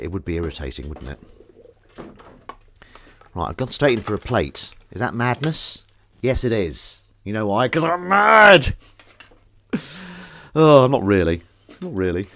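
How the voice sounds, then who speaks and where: A man's voice: low voice, a bit bright, slight background noise. A man chatting casually while he does the washing up, rambling, jokey and self-mocking, with the odd swear word. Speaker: host doing the washing up on a live stream.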